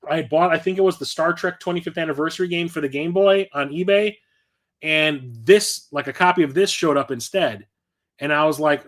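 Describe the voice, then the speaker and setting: Collector host, middle-aged man, slightly high voice, chatty, swears freely, animated anecdotes. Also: fast talker. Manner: chatty, profane, animated storytelling. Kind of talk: casual collection show-and-tell.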